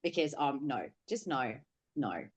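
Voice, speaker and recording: A woman's voice: very deep voice, sing-song, measured pace, breathy edge. A woman on a podcast, telling a personal story candidly, swearing freely and rambling with fillers. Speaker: podcast guest.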